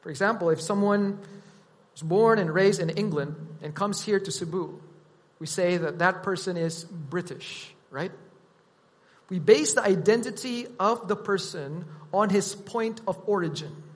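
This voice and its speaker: A man preaching a sermon, teaching in a deliberate, emphatic way. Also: sits high, long reverb tail.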